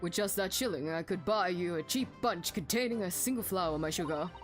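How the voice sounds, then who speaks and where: A woman's voice: on the low side, a little fast, faint music behind, pitched below the performer's own voice, natural voice. A woman voicing an eager young male constable. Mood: earnest.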